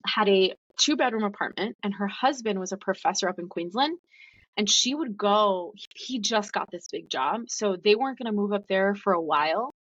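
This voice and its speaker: A woman's voice: mid-range voice, no room sound. A woman guest telling her story in a casual, chatty way, full of "like" fillers. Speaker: podcast guest. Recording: dull, dry lo-fi recording.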